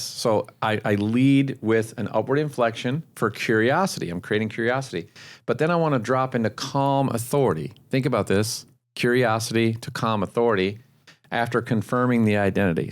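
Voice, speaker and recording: A man's voice: medium pitch, moderate pace. A man co-hosting a sales podcast, coaching listeners in an explanatory way and repeating points for emphasis. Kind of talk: podcast discussion.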